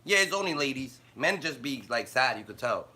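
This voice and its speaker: Bright, animated man ranting on a live stream. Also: mid-range voice, fairly quick. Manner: profane, blunt storytelling with street slang; laughs often while talking. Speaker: livestreamer. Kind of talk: casual live-stream rant.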